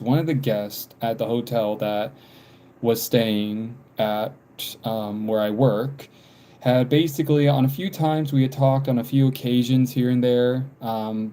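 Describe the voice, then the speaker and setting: A dark-toned, mid-range voice belongs to an American man in his twenties who draws on a livestream. He makes casual conversation as he doodles, wandering off topic, repeating things, and using frequent ums.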